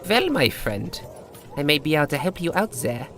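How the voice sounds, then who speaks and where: A man's voice: fairly high pitch, big pitch swings, moderate pace, fairly bright tone, soft background music, voice pushed up. A man voicing a sly, scheming older bartender with a delicate, odd way of speaking in a storybook reading. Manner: delicate, odd-sounding, ends in a whisper.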